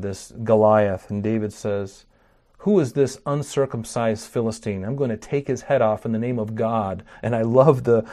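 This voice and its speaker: A man preaching a sermon, animated, acting out scripture quotes and stumbling through restarts. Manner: animated preaching, acts out scripture quotes with rising pitch and volume; fillers and restarts. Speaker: pastor.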